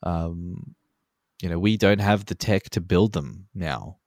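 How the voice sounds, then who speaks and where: Deep-voiced man in loose podcast chat. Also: slow pace, darkish tone, no echo, studio quality. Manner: loose, swearing, many ums, chuckles while talking. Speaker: podcast co-host. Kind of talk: casual conversational podcast chat.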